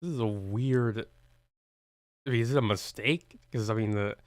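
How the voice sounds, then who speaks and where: A man with a fairly low voice gives casual reaction commentary. He rambles, doubles back and restarts his sentences often. The sound is dry and close, with almost no room echo. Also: normal speed, a little mellow. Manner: rambling, hesitant, many restarts. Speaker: reaction video host.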